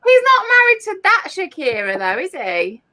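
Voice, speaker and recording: Bright, high, lively teasing woman. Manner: teasing, quick to laugh. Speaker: chat participant. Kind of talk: casual chat.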